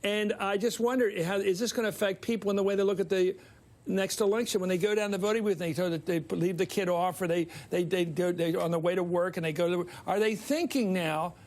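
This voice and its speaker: High-voiced Philadelphia-accented older news host. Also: male voice, fairly even intonation, a little fast, a little mellow. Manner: rambling, self-interrupting, folksy asides. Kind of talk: cable news panel talk. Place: TV studio.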